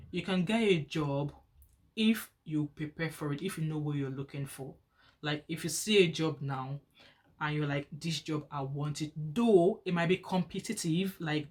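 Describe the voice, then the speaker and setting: Nigerian woman, 30s, casual vlogger, chatty, animated. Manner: chatty and animated, rising higher when excited. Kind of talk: casual chat to camera.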